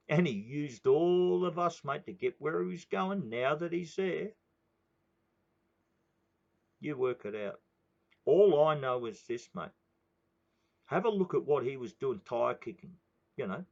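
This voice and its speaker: A man's voice: on the high side, vocal fry. A man in his sixties with an Australian accent, ranting in a heated, swearing monologue. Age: 60s. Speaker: political commentator. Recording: dull lo-fi recording.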